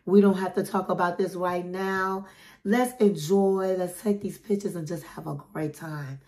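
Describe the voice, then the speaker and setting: A woman voicing a husband who soothes his wife in a low, soft tone. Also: fairly even intonation, unhurried. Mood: soothing.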